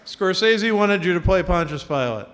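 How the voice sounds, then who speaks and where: A man's voice: high-pitched, expressive, normal speed, fairly bright tone. A man interviewing a guest on stage, asking direct, wry questions. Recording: hall reverb with faint ambience.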